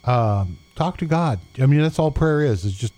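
A man co-hosting a Christian radio show as a pastor, giving unhurried, fatherly advice with frequent pauses and fillers. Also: mid-range voice, expressive, warm tone. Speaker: pastor and co-host. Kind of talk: casual Christian radio talk.

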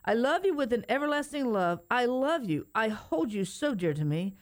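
A woman co-hosting a Christian radio show, bubbly and excitable, reading a prophetic word aloud. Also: fairly high pitch, moderate pace. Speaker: radio co-host. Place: radio studio.

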